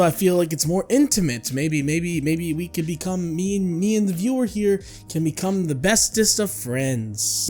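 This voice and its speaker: A man's voice: fairly high pitch, sharp tone. A young man from South Texas doing a sarcastic, exaggerated comedy vlog on his bed at home. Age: young adult. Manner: sarcastic, exaggerated, mocking put-on voices. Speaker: YouTuber.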